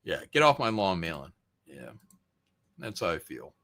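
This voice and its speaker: A man's voice: low voice, big pitch swings, normal speed, a bit bright. A man ranting profanely and mockingly in a casual podcast chat, often mimicking other people. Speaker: podcast host.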